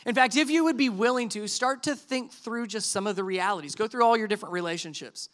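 A middle-aged male pastor delivers a conversational sermon with a high, bright voice. He slips easily into acting out quoted lines and keeps his tone lively. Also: fast talker. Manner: conversational, animated preaching with quoted dialogue.

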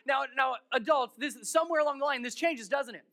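Middle-aged pastor, man, high bright voice, lively sermon delivery with playful voiced-out quotes. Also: a little fast. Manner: animated, playful, with acted-out quotes.

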